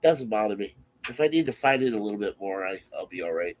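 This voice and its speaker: A man's voice: lowish voice, animated, quick pace. A man who is sick, coughing now and then, chatting casually and in an easygoing, rambling way to his stream viewers from his webcam.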